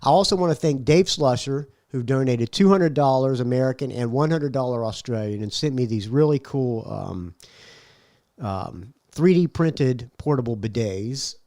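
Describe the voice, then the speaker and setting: Low-key dry-humored male podcast host. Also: animated, moderate pace, mellow, dry recording. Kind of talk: casual podcast chat.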